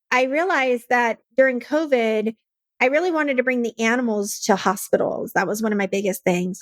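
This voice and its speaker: A woman's voice: fairly high pitch, no echo. A woman who founded a nonprofit, earnestly telling her own story in an interview and acting out her past conversations. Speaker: nonprofit founder, podcast guest.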